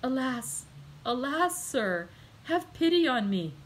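A woman's voice: high-pitched, sing-song, slow, slight background noise, voice pushed up, full character voice, low-quality recording. Woman voicing an impassioned young man, grieving, pleading, storybook reading.

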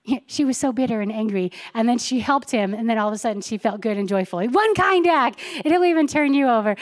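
A woman with a fairly high voice preaches in a relaxed, chatty way. She mixes everyday stories and quick asides with scripture reading. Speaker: pastor. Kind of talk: sermon.

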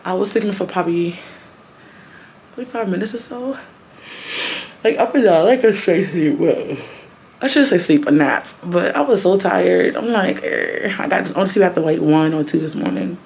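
A woman chatting into a phone held close in a doctor's office, rambling and giggling at herself, sometimes half-whispering. Her voice sits low with a gravelly fry. A noisy recording hisses underneath. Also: moderate pace, darkish tone. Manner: rambling, giggly, self-mocking; talking half-whispered at times. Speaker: vlogger. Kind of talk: casual vlog chat.

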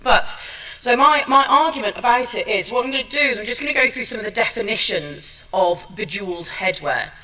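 A woman's voice: a little high, animated, brisk, bright, forceful tone, distant mic, poor audio. A woman giving a chatty, self-deprecating seminar talk, with many ums and restarts. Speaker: seminar speaker. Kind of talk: chatty presentation. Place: seminar room at a trade show.

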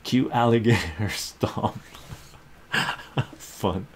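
A man's voice: fairly low pitch, extremely slow, slight background noise. A man hosting a casual live stream, chatting with his viewers, laughing often and reading their comments aloud.

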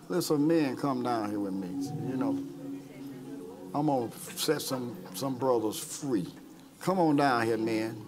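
A man's voice: medium pitch, noisy background. A man preaching an impassioned sermon as pastor, calling people forward and retelling stories with acted-out quotes. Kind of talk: sermon with altar call. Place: church service.

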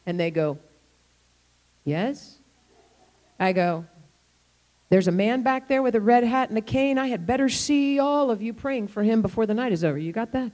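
Animated older woman preaching a story sermon. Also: on the high side, normal speed, pauses often. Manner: animated, acts out the people in her stories. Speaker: guest preacher. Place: church.

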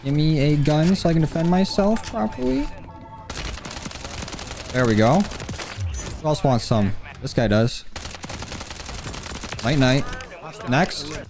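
A man's voice: a little high, takes it slowly, long pauses, noisy background. A man giving casual, cocky commentary on his own gameplay as a gaming YouTuber, with faint music and game gunfire behind him. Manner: animated, cocky trash talk.

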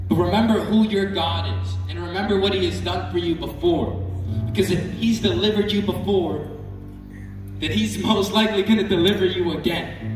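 A man preaching a sermon in an earnest way, often repeating words and asking the congregation questions. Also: high voice. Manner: earnest, repeats himself, asks the crowd questions. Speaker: youth preacher. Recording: echoey hall from far off with music.

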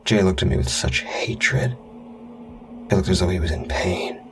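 A man's voice: low-pitched, huge pitch swings, moderate pace. A man narrating a true scary story in the first person, blunt, profane and wry. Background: music.

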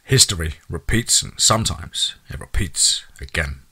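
A man reading a horror story aloud, in a steady storytelling manner. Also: deep voice, moderate pace, creaky, slightly rough. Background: faint music.

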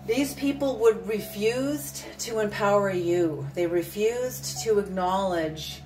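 Her mid-range voice has lively intonation, slow but with few pauses, as she gives an intuitive tarot reading. The reader is earnest, emphatic and repetitive, with occasional swearing. The sound is roomy from a distant mic, with soft music and a little hiss or hum.

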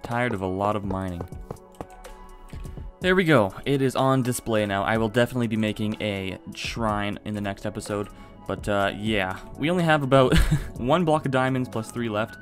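A man giving casual let's-play commentary, excitable and chatty, talking to viewers while he plays. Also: on the low side, moderate pace, faint music behind. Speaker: gaming video host.

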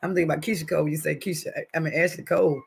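A woman's voice: low voice, steady tone, rapid-fire, gravelly. A middle-aged woman, chatting casually on a live stream from her home kitchen as she cooks, rambling and joking with salty language. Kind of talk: casual live-stream chat while cooking.

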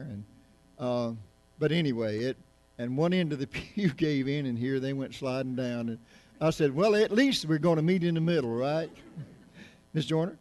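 A man's voice: mid-range voice, darkish tone. A middle-aged man, a pastor preaching to his congregation in a folksy, joking, rambling way with many restarts. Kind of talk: casual sermon to a congregation. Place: church sanctuary.

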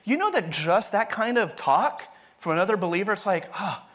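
A man's voice: high-pitched, very animated, normal speed, a bit bright. A man preaching a sermon in a conversational, rambling way, often restarting his sentences. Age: adult, continuing university studies. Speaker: pastor.

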